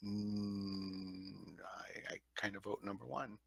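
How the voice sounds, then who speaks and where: A man's voice: lowish voice, little pitch movement, slow pace, vocal fry. A man playing a tabletop game, thinking aloud and weighing options in casual chat. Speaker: player.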